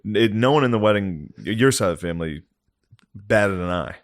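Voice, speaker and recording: A man from Chicago trades dry, deadpan jabs with his podcast partner in a voice pitched on the low side. He teases without raising his energy much. The close studio mic gives him a dry, intimate sound with no room around it. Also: normal speed, dry recording. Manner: dry, teasing, deadpan ribbing of his co-host. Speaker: podcast co-host. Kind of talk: casual comedy podcast chat.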